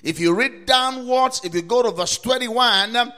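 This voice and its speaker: A man preaching a sermon to listeners, asking rhetorical questions again and again, citing scripture verses and building up to emphatic shouts. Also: extremely high pitch, moderate pace. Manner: quotes and cites scripture verses. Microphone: recorded for broadcast to listeners or viewers.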